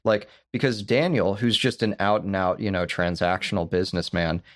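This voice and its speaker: Brief: male podcast co-host, lowish voice, dry close sound, animated and profane. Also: normal speed, dry recording. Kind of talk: casual chat.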